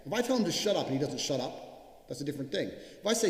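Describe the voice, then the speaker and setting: A man gives a blunt, profane motivational talk, driving his points home through repetition. His voice is on the high side, very animated and quick. The echoey hall adds long reverb.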